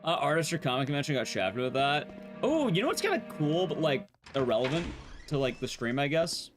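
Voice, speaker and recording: Game music runs underneath as a speedrunning streamer talks to his viewers in a casual, foul-mouthed ramble. He sounds slightly high-pitched, fairly quick, and very varied in intonation.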